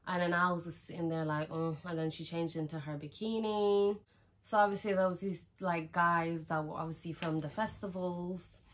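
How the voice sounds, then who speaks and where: A woman's voice: fairly low pitch, steady tone, normal speed. A young woman, chatting frankly through a casual storytime, with lots of "like" and some swearing. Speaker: vlogger.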